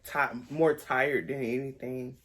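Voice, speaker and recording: A young woman, chatting casually on a vlog and acting out the people in her story with high, lively voices. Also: takes it slowly, slight background noise. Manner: animated storytelling, acts out quotes in high voices. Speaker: vlogger.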